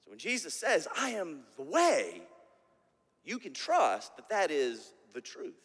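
A man with a high voice delivers a slow, deliberate sermon as pastor, tagging his points with "right?" and repeating words as he restarts. His voice carries a long hall reverb from the church around him. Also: wildly swooping pitch, fairly bright tone, breathy edge.

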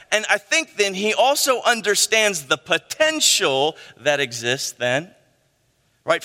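A middle-aged man preaching a sermon, animated, with frequent "right?" asides to the congregation. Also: sits high. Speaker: pastor. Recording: long hall reverb.

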